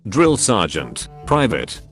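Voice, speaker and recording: Male narrator, low and lively, deadpan joke reading, faint music underneath. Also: takes it slowly. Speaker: narrator reading Reddit posts. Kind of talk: scripted narration of jokes.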